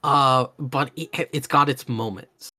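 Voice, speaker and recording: Man, mid pitch, eager, rambling podcast host. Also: steady tone, takes it slowly, sharp tone. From Oklahoma, USA. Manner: enthusiastic, rambling, many fillers and restarts. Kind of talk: casual chat.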